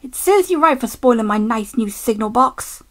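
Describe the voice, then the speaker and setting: A woman's voice: fairly high pitch, animated, moderate pace, a bit bright. A woman voicing a fussy, annoyed signalman who scolds and storms.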